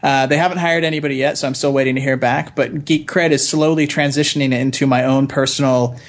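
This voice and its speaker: A man guesting on a casual podcast, easygoing and a bit halting, with frequent fillers. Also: mid-range voice, steady tone.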